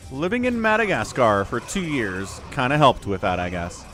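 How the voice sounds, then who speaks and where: A man's voice: medium pitch, huge pitch swings, normal speed, few pauses, fairly bright tone, faint music behind. An American man giving casual, joking livestream commentary on a strategy game and chatting with viewers. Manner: chatty, joking, reads chat aloud.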